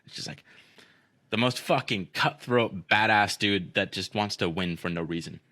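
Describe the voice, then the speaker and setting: A man's voice: on the low side, normal speed, sharp tone, dry recording, clean studio sound. A young man hosting a podcast, telling a story in a rambling, profane way, full of fillers. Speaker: podcast host. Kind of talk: casual storytelling chat.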